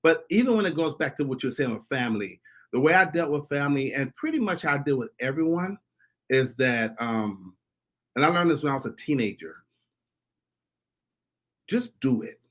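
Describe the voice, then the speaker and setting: A man speaking as a guest on an online panel, excited and repeating words as he starts his thoughts. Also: mid-range voice, moderate pace, pauses often. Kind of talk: casual panel chat.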